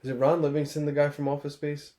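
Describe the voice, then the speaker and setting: A man's voice: on the high side, flat delivery, fast, mellow. A man co-hosting a podcast in casual chat, easygoing as he retells comedy scenes. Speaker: podcast co-host.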